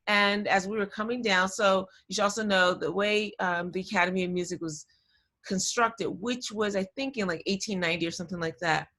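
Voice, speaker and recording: A woman giving a talk to students over a video call, telling a personal story in an animated, chatty way and often getting sidetracked. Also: mid-range voice, a little fast. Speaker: guest speaker.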